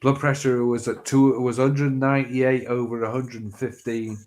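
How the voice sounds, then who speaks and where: Man, mid-pitched, blunt, sweary, lots of fillers. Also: level tone, normal speed, darkish tone. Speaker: panel guest. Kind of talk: casual chat.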